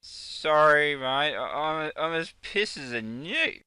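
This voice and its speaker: A man's voice: on the high side, expressive, slow pace, sharp tone, smooth, no room sound, full character voice. A man with an Australian accent voicing a drunk male mate who keeps turning down another beer, slurring and apologetic. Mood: sheepish.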